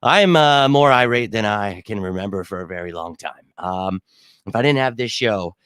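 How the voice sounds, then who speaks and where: A man's voice: lowish voice, animated, moderate pace, fairly bright tone, clean tone, no echo. A man hosting a sports fan show, ranting after a bad loss, still shaken and irate, stumbling and restarting often. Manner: angry, exasperated rant with frequent restarts. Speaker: podcast host. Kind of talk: postgame fan reaction talk.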